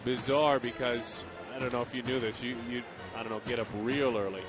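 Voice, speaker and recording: A man's voice: mid-range voice, fairly even intonation, brisk, music in the background. A man calling a baseball game play by play, chatty and jokey, lifting his voice on big plays. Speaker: play-by-play announcer. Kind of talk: baseball TV commentary.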